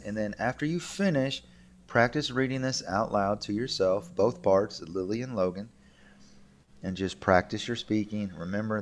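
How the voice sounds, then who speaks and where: Brief: male English teacher, lower-pitched, easygoing and repetitive explainer for a recorded lesson.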